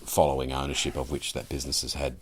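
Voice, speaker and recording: Very deep-voiced Australian host. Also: male voice, little pitch movement, fast talker, breathy edge. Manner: rambling, hesitant, many fillers and restarts. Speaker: podcast host. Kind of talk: casual conversational interview.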